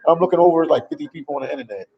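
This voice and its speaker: Gravelly man on a livestream. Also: fairly high pitch, sing-song, racing, highs cut off. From Memphis, USA. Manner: loose and talkative, reads and answers viewer comments. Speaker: travel vlogger on a livestream. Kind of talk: casual livestream chat. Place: a café in El Salvador.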